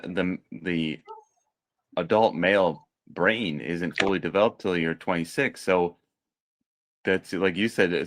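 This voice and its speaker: Deep-voiced earnest podcast man. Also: fairly bright tone. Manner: earnest, thoughtful, with halting restarts. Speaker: podcast co-host. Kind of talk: casual chat.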